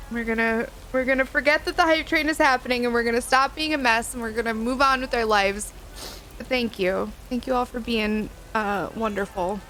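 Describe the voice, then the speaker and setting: High-voiced, gushing woman streamer. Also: fairly bright tone, slight background noise, rough recording. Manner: gushing, sentimental, giggly, says y'all. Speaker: livestreamer. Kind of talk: casual livestream chat thanking viewers.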